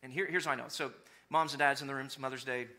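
A pastor with a mid-range voice talks fast as he preaches a sermon in church. He's animated, acting out the voices of people to make his points with humor.

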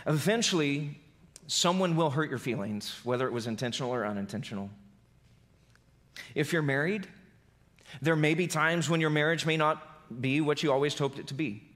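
A man preaching a sermon as pastor, swinging from loud emphasis to soft, low delivery. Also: moderate pace.

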